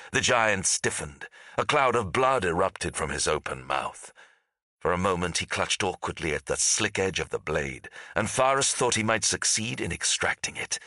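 A man narrating a fantasy audiobook in a dramatic, lively storytelling manner. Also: sits low, dry recording, clean studio sound. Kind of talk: scripted narration.

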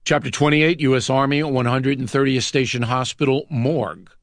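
Man, audiobook narrator, scripted narration, measured, dramatic, mid pitch, dry close recording. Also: no echo.

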